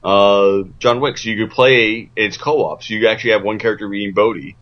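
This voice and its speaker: A man's voice: on the low side, normal speed, lo-fi sound. A man co-hosting a casual movie discussion, explaining details with stammering restarts. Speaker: podcast co-host.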